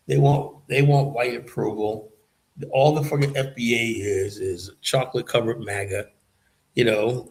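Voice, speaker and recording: A man in the middle of a heated rant on his own channel. His delivery is sarcastic and blunt, and he keeps sliding into mocking put-on voices of his opponents. His pitch sits at a plain everyday middle for a man. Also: rough recording. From United States. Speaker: commentary channel host. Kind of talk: ranting political commentary. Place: in Liberia, West Africa.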